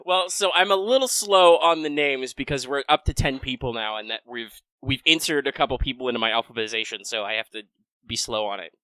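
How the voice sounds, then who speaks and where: A man hosting a casual live-streamed game podcast, chatty and quick through sponsor reads. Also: medium pitch, pushed and bright, clean tone, no room sound. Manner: chatty, fast patron list reading. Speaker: podcast host.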